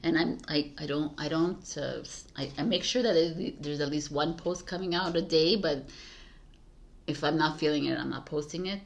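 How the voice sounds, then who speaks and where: A woman's voice: deep voice, normal speed, gravelly. A woman tarot reader talking casually and candidly about spirituality, swearing freely and using lots of fillers.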